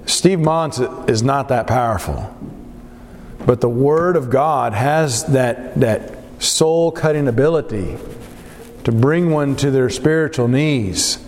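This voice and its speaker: A man's voice: mid-range voice, takes it slowly, a little mellow, in a large hall, a little hiss or hum. A man leading a Bible study group, teaching earnestly and putting questions to the group.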